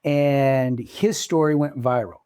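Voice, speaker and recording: A man co-hosting a casual podcast, telling long stories with animated swings in pitch. His voice sits at an ordinary middle pitch. The sound is close and dry. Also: takes it slowly, smooth, no room sound. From Oregon. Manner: animated storyteller, pitch jumps when excited. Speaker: podcast co-host. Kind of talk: casual storytelling chat.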